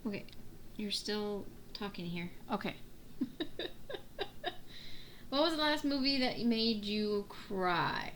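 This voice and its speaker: A woman's voice: animated, slow pace, pauses often, fairly bright tone, a little hiss or hum. A woman vlogger chatting casually while she crafts, rambling and laughing often. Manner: acts out family quotes in a high voice. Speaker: diamond painting vlogger.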